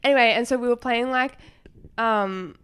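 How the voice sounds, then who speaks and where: Animated young woman telling a story. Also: on the high side, normal speed, clean tone. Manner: animated storyteller, lots of "like", acts out quotes. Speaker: podcast co-host. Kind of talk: casual chat.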